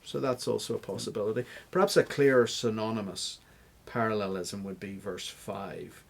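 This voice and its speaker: A man's voice: lowish voice, steady tone, moderate pace, vocal fry. A man answering interview questions as a guest scholar, explaining step by step like a teacher. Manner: teacherly, stops to spell out examples.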